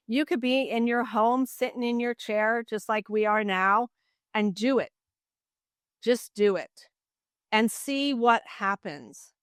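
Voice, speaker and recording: A middle-aged woman talks through a personal story as a podcast guest, earnest and animated, with a steady "you know" running through her speech. Her voice is smooth and resonant at a medium pitch. The recording is close and dry, with no room sound. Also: dry recording. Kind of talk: casual interview storytelling.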